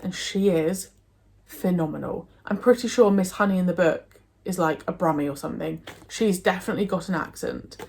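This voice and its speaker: Young english woman rambling happily about her books, kinda low and husky. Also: darkish tone. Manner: chatty, enthusiastic, many fillers and restarts. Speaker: book vlogger. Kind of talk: casual book review chat.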